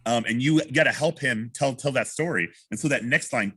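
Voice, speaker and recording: A man's voice: a little fast, slightly rough. A man teaching an online singing masterclass, coaching a student with lots of restarts and sung examples. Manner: animated, demonstrates lines by singing them high; many restarts and repeated words. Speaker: opera singer teaching a masterclass. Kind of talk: vocal coaching.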